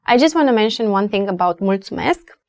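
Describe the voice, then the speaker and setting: A woman's voice: medium pitch, animated, a little fast, no room sound, studio quality. A woman with a Romanian accent teaching basic words, patiently repeating each phrase for learners. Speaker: language teacher. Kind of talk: language lesson.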